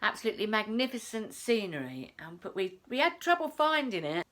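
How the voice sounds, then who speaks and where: A woman's voice: medium pitch, very animated, a little fast, a bit bright. A middle-aged woman talks to camera about a trip, chatty and repetitive. Her voice rises and falls a lot as she tells the story. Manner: chatty, repeats phrases, says "I says". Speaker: self-help vlogger.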